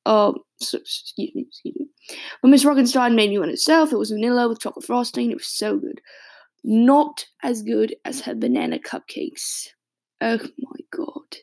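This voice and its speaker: A woman acts out a raspy, gravelly British man, a longtime smoker, in an audio drama monologue. His voice sits fairly high and has a rough fry, and he talks in hesitant, rambling stops and restarts. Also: very animated, normal speed, a little mellow, heavily acted. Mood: wistful, rambling. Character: raspy adult male smoker reading his childhood diary.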